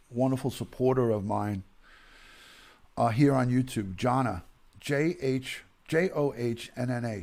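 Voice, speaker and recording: A man hosting a live stream, reading viewers' condolence emails aloud in a slow, emotional, halting way. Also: mid-range voice, gravelly, a little mellow.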